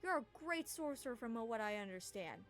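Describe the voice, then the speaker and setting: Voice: medium pitch, animated, fairly quick, a bit bright, faint music behind, close to an everyday voice. A woman voicing a sarcastic swamp dweller who mocks and needles others. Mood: mocking. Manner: mocking, antagonizing.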